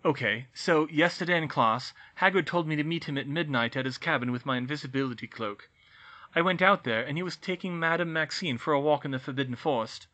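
A man voicing an anxious teenage boy wizard in an audiobook reading, hurried and worried. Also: on the high side, bright, forceful tone, pitched above the performer's own voice. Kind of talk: audiobook reading of fan fiction.

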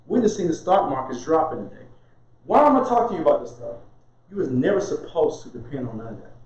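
A man delivers a chatty, lively sermon in a somewhat high voice. He keeps laughing and answers his own questions. The sound is heavily echoey and muffled. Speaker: minister. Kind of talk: informal conversational sermon.

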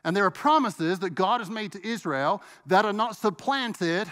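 A man with a high voice preaches a sermon in a church, leaning hard on key words and stretching them out for emphasis. His voice rings with the long reverb of the sanctuary hall. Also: expressive, moderate pace, a bit bright. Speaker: pastor.

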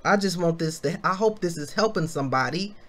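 A woman's voice: on the low side, animated, fairly quick. A woman in her thirties leading an informal Bible study, reading passages and exhorting listeners with questions she answers herself. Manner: exhorting, asks questions and answers them, exclaims.

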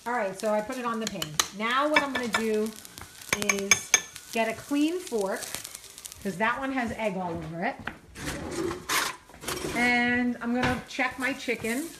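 A woman's voice: on the high side, slow, long pauses, heavy background noise. A woman, cooking in her home kitchen and chatting casually to her viewers with lots of fillers and self-deprecating asides. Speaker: vlogger cooking on camera. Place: home kitchen, frying at the stove. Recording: home kitchen with loud sizzling. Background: sizzling frying pan.

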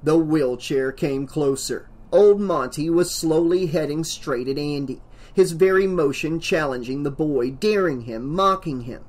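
A man narrates a horror novel in a scripted audiobook read. His voice sits on the high side, and he leans hard into the dramatic beats. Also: unhurried, darkish tone.

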